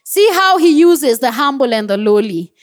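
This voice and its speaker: Animated woman preaching a sermon. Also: sits high, normal speed. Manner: animated, laughs at herself, shouts of joy.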